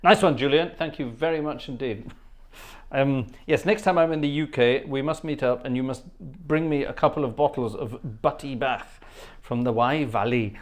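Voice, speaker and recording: A man's voice: medium pitch, normal speed. A man hosting a casual livestream, chatty and rambling, laughing often and thanking viewers by name. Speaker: livestream host and organist. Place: home studio.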